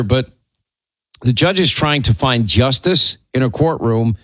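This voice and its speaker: A man's voice: medium pitch, no echo. Sardonic male commentary host, dry sound. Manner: sardonic, rambling, quick asides. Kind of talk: casual opinion commentary.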